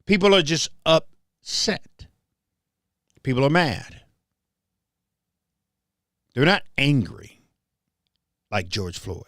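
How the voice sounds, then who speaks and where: A man's voice: mid-range voice, big pitch swings, extremely slow, pauses often, a bit bright, no room sound, studio quality. A man hosting his show, talking in a casual commentary monologue, emphatic and repeating phrases as he restarts them. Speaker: show host.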